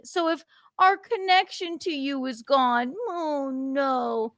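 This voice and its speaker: A woman's voice: sits high, animated, slow, pushed and bright, no room sound. A woman co-hosting a livestream, ranting angrily and swearing in heated casual chat. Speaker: livestream co-host.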